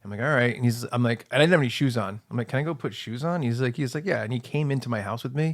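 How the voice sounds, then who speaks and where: A man co-hosting a loose comedy podcast, his pitch sitting in an ordinary middle range. He tells stories with energy and slips into quieter quoted asides. The talk is loose and full of restarts. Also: racing. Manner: animated storyteller, drops to hushed tones for quoted lines. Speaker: podcast co-host. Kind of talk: casual storytelling chat.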